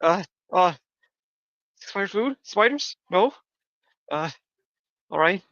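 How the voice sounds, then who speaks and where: A man takes his turn in a tabletop game, thinking aloud and hesitating. His voice is bright, but the recording is dull and lo-fi. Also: high-pitched, lively intonation, slow, no echo. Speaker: player.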